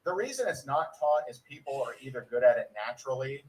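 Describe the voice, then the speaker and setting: A man's voice: mid-range voice, expressive, fast, recorded from a distance, a crowd in the background, poor audio. A man giving a network marketing training and acting out sample conversations with prospects. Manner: conversational, acts out sample dialogues. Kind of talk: sales training talk.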